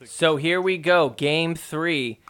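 A man hosts a podcast with a slightly high, somewhat bright voice that is clear and resonant, speaking slowly. He gives a casual, joking play-by-play recap of matches and pokes fun at the referees in quoted asides.

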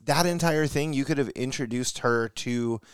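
A man's voice: mid-range voice, moderate pace, clear, resonant tone, dry recording. A man co-hosting a casual podcast chat, blunt and critical. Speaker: podcast co-host.

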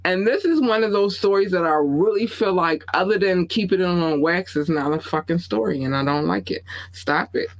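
A woman's voice: on the low side, normal speed, hardly any pauses, rough recording. Blunt, opinionated woman podcast host. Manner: candid, opinionated, reads viewer comments aloud; blunt and profane. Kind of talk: casual entertainment news commentary.

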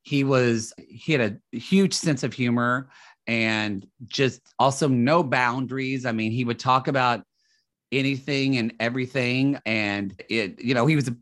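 A man's voice: medium pitch, unhurried, a bit bright. A man talking casually as a podcast guest, telling a long family story with many restarts.

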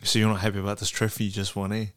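A man's voice: lowish voice, monotone, racing, a bit bright. A man in a casual chat, giving short, sweary replies.

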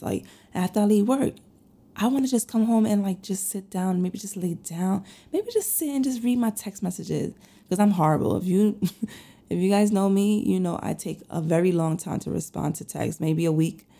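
Woman host, husky and gravelly, very dark tone, rambling casual chat, over a cold. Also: mid-range voice. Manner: candid, rambling, uses many fillers. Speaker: podcast host and lash artist. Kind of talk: casual personal chat to listeners.

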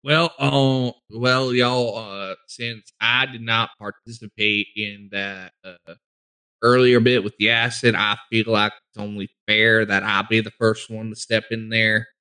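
A man's voice: lowish voice, fairly even intonation, measured pace, bright, forceful tone, smooth. A man voicing a folksy male forest gnome adventurer with a rambling drawl in a tabletop role-play.

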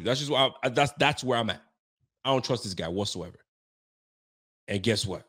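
A man's voice: mid-range voice, very animated, normal speed, pauses often, fairly bright tone. Frustrated young man ranting after a loss. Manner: frustrated, venting, repetitive, slangy. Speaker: sports podcast host. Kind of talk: heated postgame rant.

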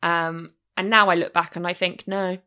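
A woman co-hosting a podcast in casual chat, animated and swearing freely, often restarting her sentences. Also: lowish voice, normal speed, clean tone. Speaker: podcast co-host.

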